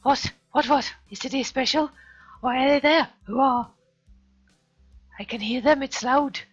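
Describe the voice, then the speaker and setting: A woman voicing a paranoid, reclusive teenage boy who rants in loud, panicky outbursts. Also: high-pitched, a little slow, slightly rough, voice pushed up. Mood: frantic. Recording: dull lo-fi stream audio, faint music.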